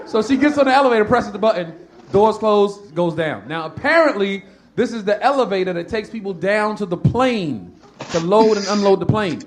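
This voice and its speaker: A man doing stand-up comedy, telling a profane story in an animated way and acting out the people in it. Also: high-pitched, brisk. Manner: animated, profane, acts out characters. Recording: live stage recording with noisy crowd. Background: audience laughter.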